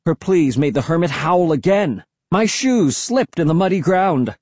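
An audiobook narrator giving a dramatic, expressive first-person reading. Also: medium pitch, measured pace, no echo.

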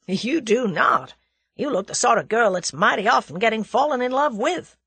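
A woman's voice: on the high side, lively intonation, normal speed, gravelly, sharp tone, husky, dry recording, exaggerated voice. A woman voicing a brash, friendly young American man who talks in folksy slang. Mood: teasing.

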